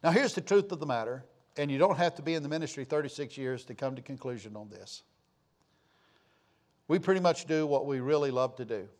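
An older man preaching a sermon as pastor, emphatic and calling for amens, his voice dropping from loud bursts to hushed lines. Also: mid-range voice, lively intonation, brisk.

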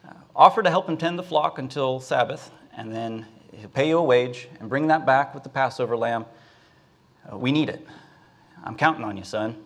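An earnest father in a told Bible story walks his son through a list of errands in a plain, steady voice, as a preacher puts him on. He delivers his instructions patiently and in order. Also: medium pitch, moderate pace.

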